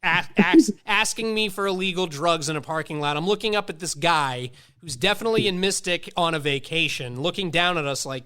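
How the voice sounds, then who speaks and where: A man's voice: a little high, fairly quick, few pauses, smooth. A man in his late thirties telling stories in casual, profane chat and acting out the voices of the people in them. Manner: profane, animated, acts out quoted voices. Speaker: podcast host.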